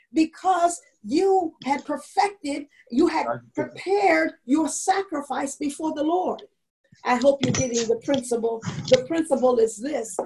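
High-voiced woman preaching online. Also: noisy background. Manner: storytelling, earnest and exhorting. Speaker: church leader teaching an online class.

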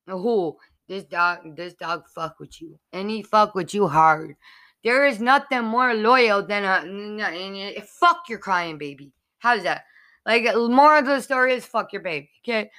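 Bright-voiced woman on a profane rant. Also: fairly high pitch. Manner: crude, heated, repetitive ranting. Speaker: podcast host.

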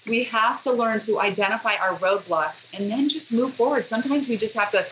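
A woman's voice: fairly high pitch, brisk, a bit bright. A woman interviewed as a guest author, telling earnest stories in casual conversation. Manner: earnest storytelling, acts out quoted speech. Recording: echoey room with background noise.

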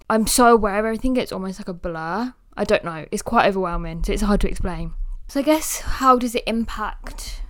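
A young woman hosting her own podcast, talking candidly and rambling with many fillers, at times quiet and emotional. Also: medium pitch, no room sound. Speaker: podcast host. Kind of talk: personal podcast monologue.

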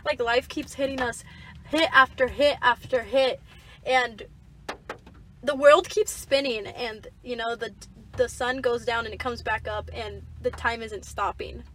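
Teen girl co-host, higher voice, casual giggly chat, faint car and rain noise. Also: steady tone, unhurried, fairly bright tone. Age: teens. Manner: giggly, reads out text messages. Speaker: podcast co-host. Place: parked car by a lake in rain.

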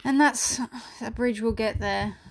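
A woman's voice: fairly high pitch, unhurried, creaky. Young woman doing a solo podcast, rambly, lots of "like", swears, a bit teary. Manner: rambling, many "like" fillers and swearing; emotional, voice near tears at times. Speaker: podcast host. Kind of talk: candid solo podcast monologue.

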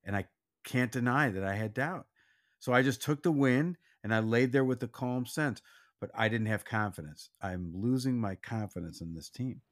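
A man co-hosting a casual sports podcast, speaking earnestly and reflectively, sometimes dropping to a quiet voice. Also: mid-range voice, moderate pace. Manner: earnest, reflective, drops to a soft, quiet voice when doubtful. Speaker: podcast co-host.

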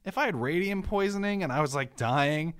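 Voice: medium pitch, animated, a little fast, clear, resonant tone. A podcast co-host talking casually about a film in a wry, hesitant way, stammering at times and acting out quoted lines.

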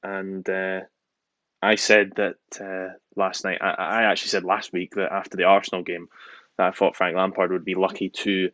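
Deep-voiced man musing on football. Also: flat delivery, normal speed, a bit bright, no echo, dull audio. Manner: hesitant, many ums and repeats. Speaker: podcast co-host. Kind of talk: casual football chat.

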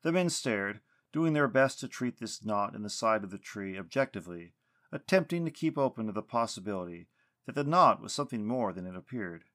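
A man narrating a story in an expressive reading style. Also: lowish voice, a little fast.

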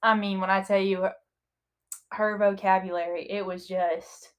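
A woman in her twenties with a Southern US accent, co-hosting a casual chat podcast, giggly and quick to react. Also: medium pitch, flat delivery, slight background noise. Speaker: podcast co-host.

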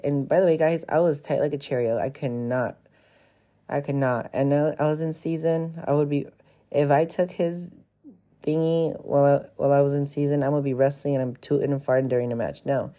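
A man's voice: on the high side, fairly even intonation, brisk, dark tone. A man in his twenties from California, hosting a podcast and telling a personal story in a frank, profane, rambling way full of fillers. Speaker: podcast host. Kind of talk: casual confessional storytelling.

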